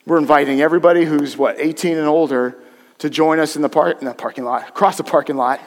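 A man preaching a sermon as pastor, his voice sitting a little high and ringing with long reverb through a church sanctuary. He talks straight to his congregation in a conversational way, dropping to a hush and then rising to loud emphasis. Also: steady tone, quick pace. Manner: impassioned preaching with dramatic swings from hushed to loud.

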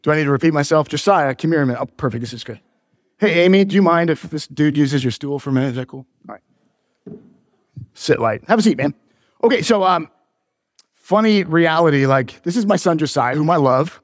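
A man's voice: a little high, lively intonation, a little fast, no room sound, clean studio sound, big-room sound. A pastor in his forties, preaching a sermon in a church, mixing joking teases with earnest preaching. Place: church sanctuary.

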